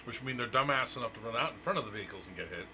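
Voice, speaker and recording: A man's voice: mid-range voice, expressive, racing. A man hosting a talk radio show in casual chat, joking and blunt, swearing freely. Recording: noisy live radio stream.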